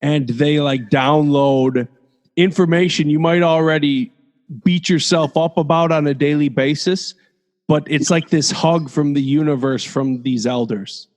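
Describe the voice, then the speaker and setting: A man's voice: on the high side, a little slow, darkish tone. A man hosting a podcast, chatting casually and reflecting aloud, searching for his words as he goes. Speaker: podcast host. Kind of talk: casual interview chat.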